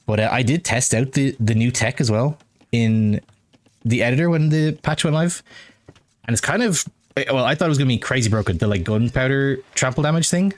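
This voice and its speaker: A man co-casting a strategy game live, chatty and quick to laugh. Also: mid-range voice. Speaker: guest co-caster.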